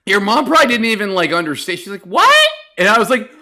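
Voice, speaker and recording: A young man co-hosting a podcast, giggly and excitable, acting out voices as he retells memories. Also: sits high, very fast, gravelly. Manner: giggly, excitable, acts out voices while laughing. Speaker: podcast co-host. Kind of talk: casual chat.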